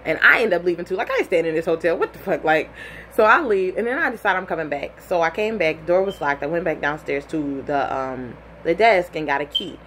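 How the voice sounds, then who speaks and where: A young woman telling a personal story in a casual, animated way, full of "like" and acted-out quotes. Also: fairly low pitch, fairly quick, slight background noise.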